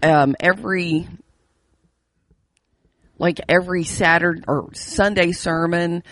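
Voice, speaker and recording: A woman's voice: lowish voice, fairly even intonation, takes it slowly, a bit bright, no room sound. A woman co-hosting a podcast, chatting casually and telling wry stories from her strict religious childhood with plenty of laughs and restarts. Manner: candid storytelling with frequent laughs and restarts. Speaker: podcast co-host. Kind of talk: casual chat.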